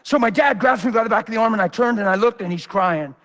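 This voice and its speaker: A man's voice: high-pitched, fast talker, a bit bright. A man preacher giving a sermon, talking in an emphatic, intense way.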